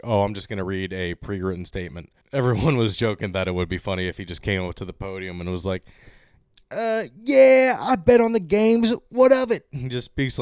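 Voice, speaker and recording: A man hosting a casual sports podcast, chatting loosely, laughing often and slipping into lively rants. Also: lowish voice, smooth, dry recording, studio quality. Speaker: podcast host.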